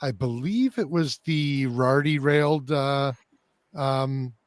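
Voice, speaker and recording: A man hosting a podcast panel, asking halting, filler-heavy questions in a casual way. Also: medium pitch, no room sound. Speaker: podcast host.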